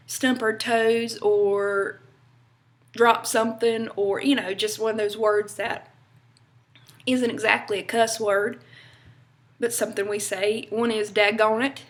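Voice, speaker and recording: Taking it slowly, a young woman from North Carolina, USA, with a Southern accent delivers her vlog in a flat voice on the high side. She chats to camera in a rambling, casual way, using lots of fillers and little laughs.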